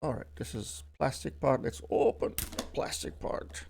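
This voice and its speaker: A man's voice: mid-range voice, very animated, unhurried, creaky, a little mellow, slight background noise. Older man chatting through an unboxing. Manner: chatty and rambling, with many fillers and self-corrections. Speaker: unboxing vlogger. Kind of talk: casual unboxing commentary.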